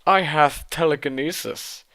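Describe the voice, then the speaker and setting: A man voicing a cruel male dark lord who shouts stilted, mock-old-fashioned threats in a storybook reading. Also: fairly high pitch, unhurried, vocal fry, voice pushed up, heavily acted. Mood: menacing.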